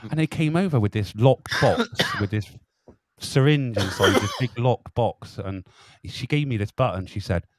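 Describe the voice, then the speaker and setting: A man telling a story in casual chat, animated and laughing as he talks, swearing freely. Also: lowish voice, moderate pace, no room sound, studio quality. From England. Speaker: protester chatting.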